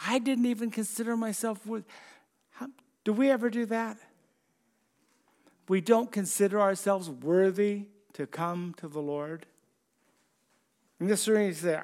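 A high-pitched man preaching to his church congregation. He talks in a loose, conversational way and keeps asking his listeners questions as he goes. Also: measured pace, long pauses. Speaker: pastor. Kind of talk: sermon.

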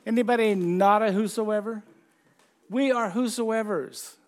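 A high-pitched man preaching to his church congregation. He talks in a loose, conversational way and keeps asking his listeners questions as he goes. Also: measured pace. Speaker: pastor. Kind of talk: sermon.

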